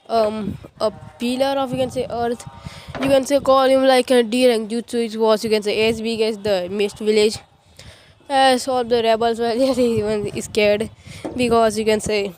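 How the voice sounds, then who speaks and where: Rambling woman with a fairly high voice. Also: a little mellow, slight background noise. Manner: rambling, repeats the filler "you can say". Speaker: storyteller. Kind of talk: improvised fan story retelling.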